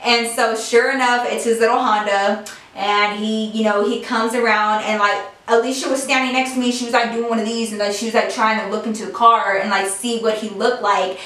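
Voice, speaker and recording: A woman's voice: on the high side, fairly quick. Chatty young woman in an echoey room. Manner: chatty, animated, heavy use of "like". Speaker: beauty vlogger telling a story. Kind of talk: casual storytime chat. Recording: echoey room, mic far off.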